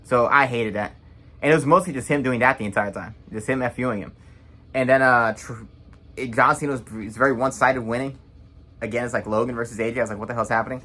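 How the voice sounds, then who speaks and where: A young man talks through his reactions in a casual, rambling way, blunt and quick to judge. His voice is bright and forceful. He keeps a loose, opinionated vlogger delivery. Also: medium pitch, fairly even intonation.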